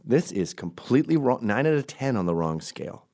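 A middle-aged man from Canada telling an animated story, jumping into high put-on voices and laughing mid-sentence. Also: fairly quick, few pauses. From Canada, raised in Quebec. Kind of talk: storytelling monologue.

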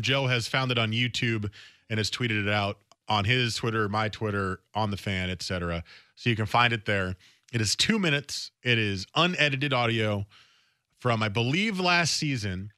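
A male sports radio host with a bright, forceful voice, recorded close and dry in a studio. He talks in a loose, animated way and often restarts phrases as he goes. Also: mid-range voice, no room sound. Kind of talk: casual sports talk radio monologue.

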